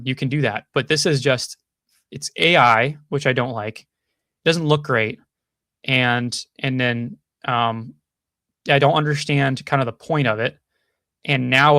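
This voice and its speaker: A man's voice: mid-range voice, pushed and bright, no room sound. A male host gives casual commentary, thinking aloud and restarting often. His voice sits mid-range. The recording is dry and close. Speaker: podcast host.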